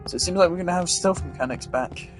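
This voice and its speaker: A man's voice: high voice, quick pace, faint music behind. Profane, exasperated man narrating gameplay. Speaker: gameplay commentator. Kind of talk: let's play commentary.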